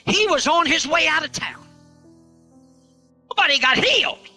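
A male preacher giving a fiery revival sermon, telling a story and shouting out to the crowd. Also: extremely high pitch, lively intonation, moderate pace, soft background music, low-quality recording.

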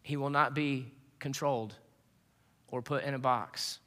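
A man's voice: medium pitch, fairly even intonation, measured pace, fairly bright tone. A man preaching a sermon as pastor, telling stories earnestly with frequent restarts. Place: church sanctuary. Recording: long hall reverb.

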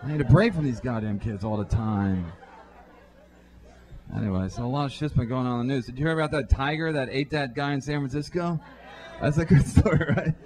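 A man performing a profane stand-up routine on a comedy club stage, throwing quick asides to the crowd through a handheld mic. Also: mid-range voice, darkish tone. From Irish-American.

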